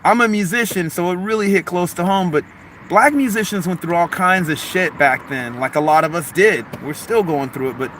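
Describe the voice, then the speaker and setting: High-ish bright voiced guy with a long beach LA accent, rambling live stream chat, reads comments out, lots of "like" and "man". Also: moderate pace, slight background noise. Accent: Long Beach, Los Angeles mix. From Los Angeles harbor area, USA. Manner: rambling, animated, frequent "like" and "man", chuckles.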